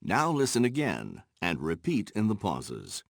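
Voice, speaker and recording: Slow, gravelly male textbook narrator. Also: lowish voice, wildly swooping pitch, dry recording, clean studio sound. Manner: measured, announcing page and exercise numbers. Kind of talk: scripted instructional narration.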